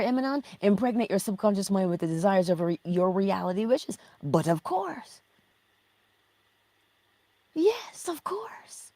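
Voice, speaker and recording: A woman's voice: mid-range voice, warm tone, no echo. A middle-aged woman hosting a spiritual teaching livestream, reading viewer chat, affectionate, laughing often and slipping into whispers.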